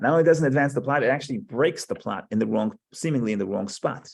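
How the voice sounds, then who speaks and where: A man teaches a Torah class in a loose, conversational way. His voice is gravelly and sits in a middle range. He tells stories, often restarting and repeating words as he goes. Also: medium pitch, animated, fast talker. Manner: chatty storytelling with frequent restarts.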